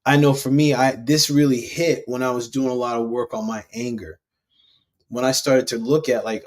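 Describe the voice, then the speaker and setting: A man's voice: medium pitch, moderate pace. A man hosting a spiritual self-help live stream, talking casually and rambling, with frequent restarts. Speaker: host.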